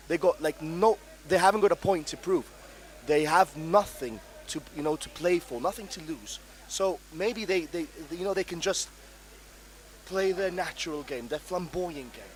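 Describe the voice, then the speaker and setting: A man's voice: on the high side, moderate pace. A man co-commentating a live match, posing questions and hedging with fillers.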